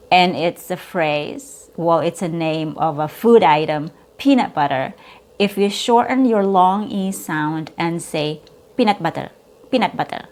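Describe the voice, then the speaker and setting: A woman teaching English pronunciation, repeating each word and contrasting correct and wrong sounds. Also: on the low side. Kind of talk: slow, deliberate pronunciation lesson.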